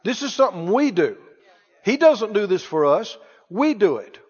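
A man's voice: high-pitched, big pitch swings, normal speed, slightly rough. A male preacher delivering a sermon, exhorting and quizzing his congregation. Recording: dull lo-fi, echoey hall.

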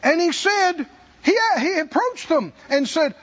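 A man's voice: extremely high pitch, lively intonation, unhurried, fairly bright tone, dull audio. A man preaching a sermon as pastor, emphatic and repetitive in a church.

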